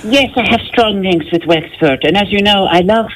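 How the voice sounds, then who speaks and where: A man's voice: sits high, dry recording, natural voice, low-quality recording. A man impersonating an elderly Irish president with a west of Ireland accent, meandering and fussy in a radio comedy sketch. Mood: rambling. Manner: meandering, slow and fussy, mimics other accents.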